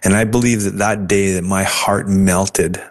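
A man's voice: low-pitched, steady tone, unhurried. A man in an interview, telling his personal testimony earnestly with hesitant restarts. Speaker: interview guest.

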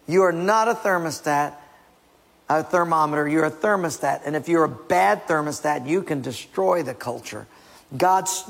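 A man preaching a sermon with a gravelly, husky voice, acting out scenes in changing voices. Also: fairly high pitch. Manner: acts out biblical and household scenes in shifting voices. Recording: long reverb of a large hall.

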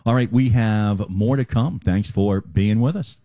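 A man's voice: fairly low pitch, unhurried, dark tone, no echo, clean studio sound. A man hosting a community radio show, upbeat and affirming his guests as he wraps up the segment. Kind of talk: casual radio interview.

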